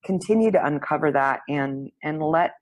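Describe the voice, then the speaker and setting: A woman's voice: deep voice, moderate pace, dry recording. A woman hosting a podcast, talking earnestly and thinking aloud in casual conversation. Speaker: podcast host.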